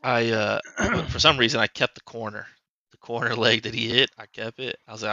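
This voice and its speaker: Speaking briskly in a medium-pitched, bright, forceful voice, a man on a podcast rambles loosely through a story about his life as a father, saying "like" over and over. The recording is muffled but has no echo.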